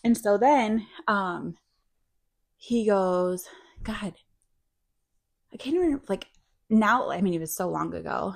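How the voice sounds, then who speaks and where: A woman's voice: mid-range voice, slow, creaky, pauses often. A woman co-hosting a podcast, telling a long, rambling personal story in a casual, filler-heavy way. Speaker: podcast co-host.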